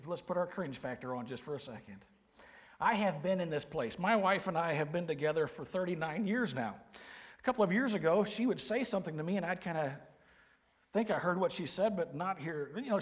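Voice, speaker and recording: A man, preaching a sermon with folksy, humorous storytelling and quiet, earnest emphasis. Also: high voice, animated, brisk. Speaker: pastor. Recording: long hall reverb.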